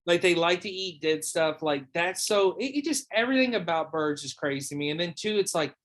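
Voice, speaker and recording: A man's voice: high voice, lively intonation, brisk, a bit bright. A young man chatting casually on a podcast, rambling with lots of fillers and swearing. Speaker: podcast host or guest. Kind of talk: casual chat.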